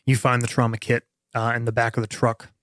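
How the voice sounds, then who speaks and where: A man narrating a tabletop horror game as game master, steady and descriptive with frequent fillers. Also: mid-range voice, fairly quick, no room sound, clean studio sound.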